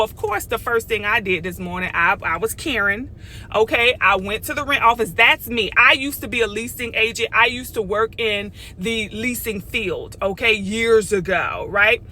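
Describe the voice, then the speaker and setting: Sassy, animated woman vlogger, bright voice. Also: fairly high pitch, slight background noise. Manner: animated, sassy, talks straight to viewers with lots of "okay?" and "y'all". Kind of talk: casual storytelling vlog.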